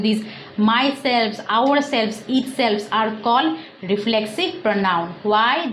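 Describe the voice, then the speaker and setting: Woman, school teacher, slow deliberate delivery, checks understanding often, echoey room. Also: medium pitch, a little hiss or hum. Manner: slow, repetitive explaining with frequent "okay", "clear?" checks. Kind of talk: classroom grammar lesson.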